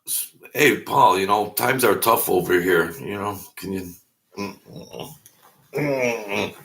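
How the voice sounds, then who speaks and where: A man's voice: on the low side, slow pace, gravelly, fairly bright tone, exaggerated voice. A man putting on an English accent to play a friendly older English rock star who keeps calling people mate. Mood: chummy. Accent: put-on English. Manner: chummy, coaxing, calls everyone mate.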